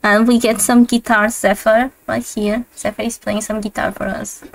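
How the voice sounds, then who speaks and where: A woman's voice: fairly high pitch, vocal fry. A woman hosting a casual livestream, gushing with thanks and laughing easily. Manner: gushing, excitable, quick to laugh. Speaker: streamer host. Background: faint lo-fi background music.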